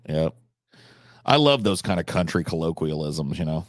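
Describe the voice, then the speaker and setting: Man, deep voice, dry close sound, livestream host, well-spoken, drifts into a country drawl. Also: animated, normal speed, dry recording. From California. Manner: articulate, reflective, slips into a country drawl at times. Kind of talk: casual livestream chat answering viewers.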